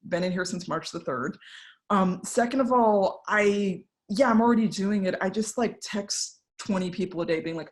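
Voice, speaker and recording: A woman's voice: medium pitch, moderate pace. A woman giving a talk to an online audience from home, candid and conversational, with fillers and asides, voicing the people she quotes. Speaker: invited speaker.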